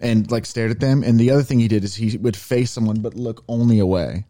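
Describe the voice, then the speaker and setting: A man's voice: on the low side, fairly quick, dark tone, no echo. A man co-hosting a podcast in casual chat, rambling through explanations with lots of fillers. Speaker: podcast co-host.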